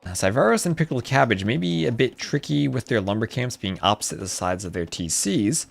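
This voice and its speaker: A man commentating a live strategy game tournament, chatty and excitable, chatting with viewers between plays, with faint music behind. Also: mid-range voice, a little fast, vocal fry. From New Jersey. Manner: chatty, reads chat aloud, excitable outbursts. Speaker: esports caster.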